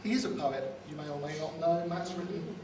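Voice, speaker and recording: A man's voice: on the high side, fairly quick, a crowd in the background. Man giving a joking wedding speech. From London. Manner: joking, wry delivery with punchlines. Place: wedding reception hall. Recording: distant mic in echoey room with loud ambience.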